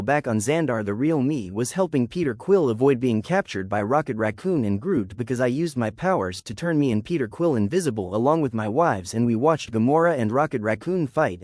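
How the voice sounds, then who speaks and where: A man tells an unscripted first-person story in one long run of clauses linked by "and then". His voice sits at a middle pitch, and the recording is dry and close with no room echo. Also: darkish tone.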